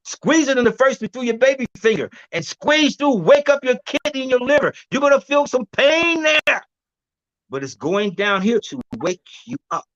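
A man being interviewed as an herbal healer, telling stories in a lively, demonstrative way, laughing often and acting out what others said. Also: extremely high pitch, moderate pace, no room sound, muffled recording. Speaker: guest herbalist. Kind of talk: animated storytelling interview.

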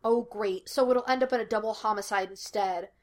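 A woman reading the lines of a gruff, exasperated male police detective in a fan fiction podfic. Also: medium pitch, a little fast, close to an everyday voice. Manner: curt and demanding.

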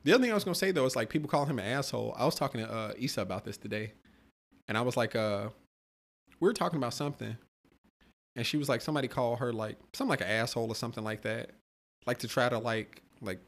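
A man's voice: mid-range voice, quick pace. A man co-hosting a podcast, talking bluntly and profanely and pushing back in casual banter. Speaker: podcast co-host. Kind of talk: casual chat.

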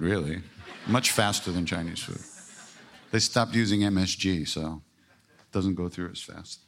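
Older male spiritual teacher, low voice, swings wide in pitch, irreverent and emphatic, casual podcast talk. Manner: lively, irreverent, emphatic with frequent swearing and self-deprecating jokes.

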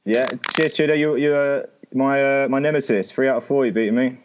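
A man's voice: medium pitch, steady tone, brisk, muffled recording, a little hiss or hum. A man co-hosting a casual podcast, hesitant with many ums and restarts. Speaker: podcast co-host.

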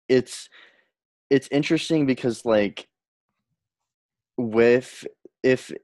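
A young man with a very deep, gravelly voice, working through his ideas out loud on a podcast call. He starts over mid-sentence as he goes. It sounds dry and close. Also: no room sound. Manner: thinks aloud, restarts sentences. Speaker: podcast co-host. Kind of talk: casual chat. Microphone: remote call mic.

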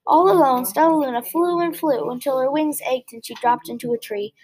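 A woman reading a children's picture book aloud in a gentle, expressive way, with small slips. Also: high voice, brisk, rough recording. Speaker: storybook reader.

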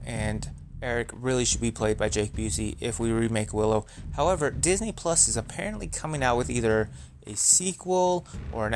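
A man hosting a podcast, recapping a movie in a rambling, profane, filler-heavy way. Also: fairly low pitch. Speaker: podcast host.

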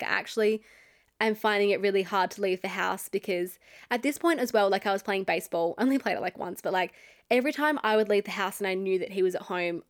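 A young woman casually telling a personal story, chatty and full of filler words, often breaking into laughter. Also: mid-range voice. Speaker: storyteller recounting a past relationship.

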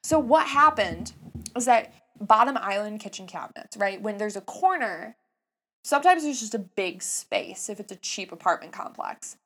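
A young woman in her twenties telling a story casually, with animated jumps between hushed asides and excited outbursts. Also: mid-range voice, normal speed, slightly rough.

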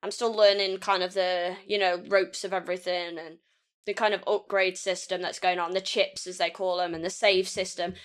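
A woman's voice: lowish voice, little pitch movement, moderate pace. A woman co-hosting a casual podcast chat, rambling and laughing often as she talks. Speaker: podcast co-host.

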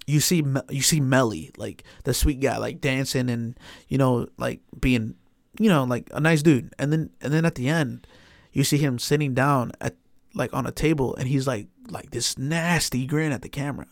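Gravelly guy rambling through a story on a podcast, swears a lot, says like constantly. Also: mid-range voice, normal speed, no room sound, clean studio sound. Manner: animated, swears often, heavy "like" fillers. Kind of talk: casual storytelling chat.

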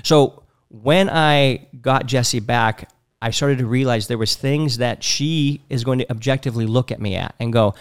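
A man in his thirties talking casually and bluntly, acting out quotes with animated voices. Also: mid-range voice, unhurried, smooth. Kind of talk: casual podcast chat.

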